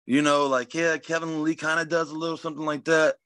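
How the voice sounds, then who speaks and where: A man's voice: a little high, level tone, brisk, sharp tone, smooth, dry recording. A man guest in a casual interview, talking in a brash, swaggering, profane way. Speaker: fighter guest.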